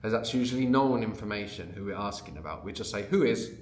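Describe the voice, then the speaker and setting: A man's voice: fairly low pitch, expressive, quick pace. Man teaching a language in a roomy space. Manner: patient, prompting, explains at length. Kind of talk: guided language lesson.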